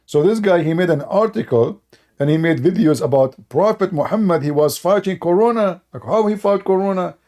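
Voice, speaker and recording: A man's voice: sits high, lively intonation, fairly quick, mellow. A man giving a sarcastic, mocking commentary monologue in broken, non-native English, laughing at his own points. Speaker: online religion critic.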